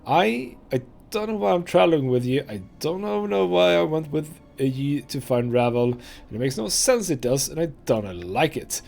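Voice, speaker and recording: A man's voice: a little high, sing-song, normal speed, creaky, darkish tone, faint music behind. A man voicing a prickly young woman thief who talks bluntly and tags sentences with "it does". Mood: earnest.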